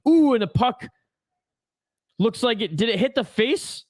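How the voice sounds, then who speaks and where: During a hockey watch-along live stream, a man casually talks and rants with his viewers about the game. He speaks in a very high-pitched, animated but unhurried way, with studio-quality audio and no room sound.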